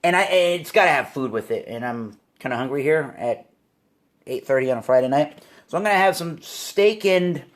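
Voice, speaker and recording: Male home video host, fairly high voice, animated, casual beer-review delivery. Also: normal speed. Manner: animated, exclaims at surprises. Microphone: phone or camera mic.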